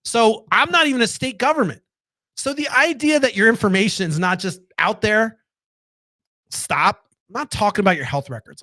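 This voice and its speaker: A man's voice: high voice, bright, forceful tone, no echo. A man hosting a casual late-night monologue, speaking candidly with swearing and rhetorical questions. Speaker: podcast host.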